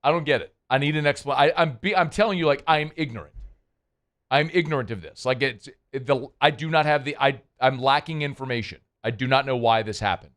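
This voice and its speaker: A sports radio host chats loosely on a studio mic, rambling along playfully and poking fun at himself. His medium-pitched voice is a little fast and a bit bright.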